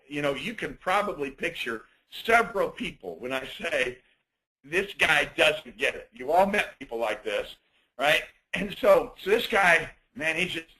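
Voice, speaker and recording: A man giving a coaching talk on a call, telling animated stories and acting out bits of dialogue. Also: on the high side, rough recording. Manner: animated storyteller, acts out dialogue. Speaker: sales coach.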